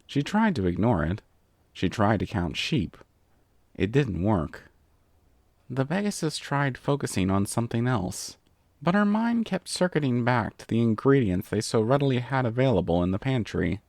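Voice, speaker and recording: Expressive male story narrator. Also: mid-range voice, moderate pace, vocal fry, no echo. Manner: expressive, playful. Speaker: story reader.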